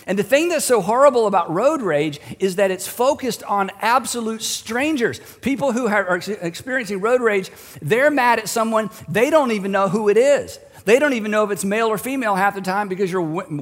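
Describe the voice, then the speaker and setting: A man's voice: sits high, a bit bright, big-room sound. A middle-aged male pastor preaching a sermon in a conversational, humorous way, acting out the voices he quotes.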